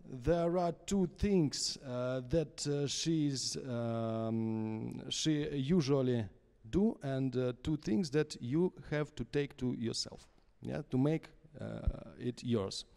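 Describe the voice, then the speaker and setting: Slow, mellow Russian-accented male conductor. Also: mid-range voice, gravelly, clean tone. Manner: halting English with many fillers. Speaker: conductor and vocal coach. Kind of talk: opera masterclass coaching. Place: small concert hall. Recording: reverberant concert hall.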